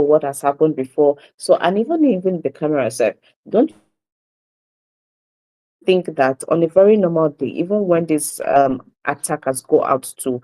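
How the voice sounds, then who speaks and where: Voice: medium pitch, warm tone, rough recording. A radio host with a Nigerian accent, reading and discussing newspaper headlines on a morning show with frequent fillers and self-corrections. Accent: Nigerian English.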